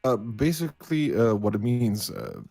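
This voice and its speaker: A man calling into a show, speaking as an in a halting way with many restarts. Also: mid-range voice, mellow. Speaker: caller.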